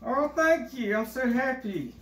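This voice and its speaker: A crude, bragging older state governor, as a man puts him on rambles. The voice sits high and bright. It rings in a roomy, echoey space. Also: animated, measured pace, heavily acted. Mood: ranting. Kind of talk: comedic impression monologue. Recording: echoey room.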